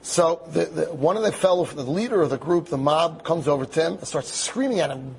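A man telling a dramatic story aloud, acting out the quotes with lively animation. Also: fairly high pitch, a little fast, few pauses, slight background noise.

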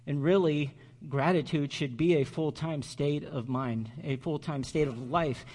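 A man preaching a sermon as pastor, earnest and slowing down on key words for emphasis. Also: on the high side, a little mellow.

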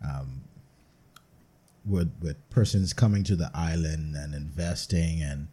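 A man's voice: extremely low pitch, fairly even intonation, a little slow, mellow, breathy edge. A young Bahamian man on a podcast panel, telling blunt, profane stories in casual banter. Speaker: podcast guest.

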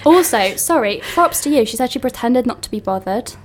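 A woman chatting casually on a podcast, animated and laughing often, with crude banter. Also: on the high side, fairly quick, a little hiss or hum. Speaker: podcast co-host. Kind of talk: casual chat.

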